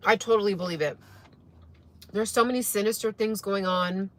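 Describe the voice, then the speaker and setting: A young vlogger with a medium-pitched voice and fairly even intonation talks at a normal speed. She rambles chattily to her viewers while eating breakfast on camera.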